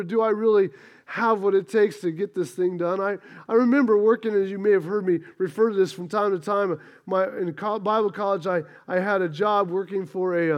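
High-voiced pastor with a folksy drawl. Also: male voice. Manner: folksy, storytelling, rallying the congregation. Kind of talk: sermon with announcements and stories.

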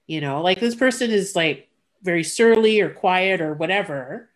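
A woman's voice: fairly low pitch, normal speed. A woman in casual conversation, candidly retelling a personal story, with frequent restarts and blunt asides. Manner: candid, animated retelling with quoted voices, blunt.

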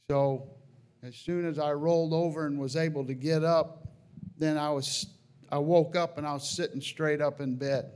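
Man, slightly high voice, earnest halting testimony with emotional peaks. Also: darkish tone. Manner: earnest, halting storytelling with many restarts. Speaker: Christian sharing a testimony. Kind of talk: personal testimony.

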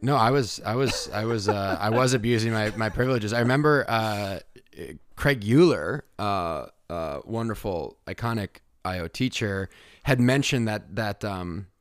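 A man's voice: fairly low pitch, moderate pace, clear, resonant tone, dry recording. A man hosting a podcast, chatting with a friend in a playful, joking way. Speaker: podcast host. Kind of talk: casual chat.

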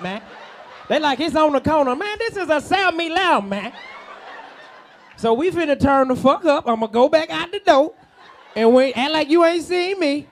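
High-voiced loud male comedian. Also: lively intonation, moderate pace, a little hiss or hum. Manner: loud, profane, laughing at his own jokes. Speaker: stand-up comedian working the crowd. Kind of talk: live crowd-work comedy. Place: live club show.

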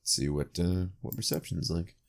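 A man's voice: sits low, lively intonation, moderate pace, gravelly, darkish tone. A man hosting a casual movie commentary podcast, reading out credits and bantering with friends, swearing freely. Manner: laid-back, swears freely, reads credits aloud. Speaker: podcast host.

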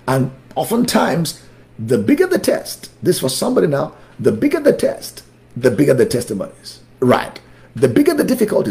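Male pastor, fervent preaching voice, very animated pitch, emphatic repetition, Bible study sermon. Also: vocal fry. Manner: fervent, emphatic repetitions, swings between loud and soft.

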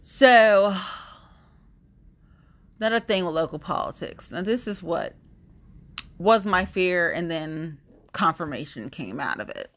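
A young woman with a lowish voice that swings widely up and down as she talks. She rambles through stories in a loose, casual monologue, full of fillers. Her opinions come out blunt and firm. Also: measured pace, long pauses. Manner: rambling, animated storytelling with many fillers. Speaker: vlogger sharing opinions.

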